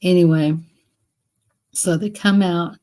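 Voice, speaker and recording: A woman's voice: on the low side, steady tone, slow, dark tone. A woman live streaming, telling rambling stories in casual chat and laughing often as she talks.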